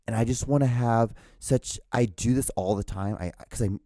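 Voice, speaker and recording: A man's voice: medium pitch, moderate pace, dark tone, no room sound, studio quality. A young man hosting a solo podcast, rambling casually with lots of swearing, restarts and self-mocking asides. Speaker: podcast host.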